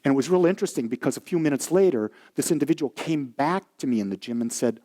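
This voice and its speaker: Animated preaching man with a mellow voice. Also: medium pitch, quick pace. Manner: animated storyteller acting out quoted voices. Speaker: minister. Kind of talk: sermon with storytelling.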